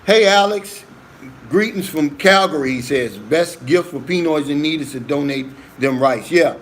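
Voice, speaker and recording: A man hosting a livestream, casually reading out viewer comments in a relaxed way, often saying "man.". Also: on the high side, moderate pace, a little hiss or hum. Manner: relaxed, says "man" a lot, many fillers. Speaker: livestream host.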